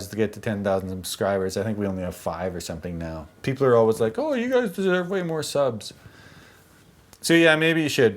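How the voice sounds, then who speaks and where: A man vlogging, telling a story casually in a chatty, animated, slangy way. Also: mid-range voice.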